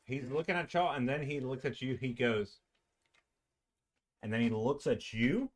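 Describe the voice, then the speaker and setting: A man narrating a tabletop game as dungeon master. He talks casually and haltingly, with frequent restarts and filler words. His voice sits at an ordinary pitch. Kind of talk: describing scenes in a tabletop game.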